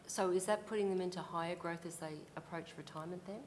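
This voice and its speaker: A woman's voice: on the low side, steady tone, fast talker, darkish tone, a little hiss or hum. An Australian woman questioning a witness at a public hearing as commissioner, probing and skeptical, interrupting to press her points.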